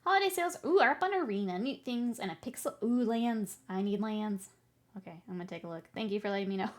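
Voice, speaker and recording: Giggly woman streamer chatting casually. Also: medium pitch. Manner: giggly, laughs often between remarks; playful, rambling and self-mocking. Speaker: streamer painting miniatures. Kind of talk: casual chat with viewers.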